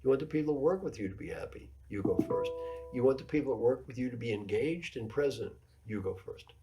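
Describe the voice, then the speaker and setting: Man, 70s, executive coach giving a keynote, mellow voice, emphatic storyteller who drives points home by repetition. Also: medium pitch, expressive, fast talker, faint music behind. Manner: storytelling, emphatic, repeats key phrases. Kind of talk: keynote lecture with anecdotes.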